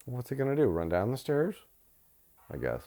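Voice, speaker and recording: A man's voice: medium pitch, wildly swooping pitch, moderate pace, heavy background noise. Man, has a cold, casual co-host, jokey, swears, goofy voices, home couch. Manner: jokey, swears freely, bursts into silly voices. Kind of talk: casual movie-watching banter. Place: living room couch at home.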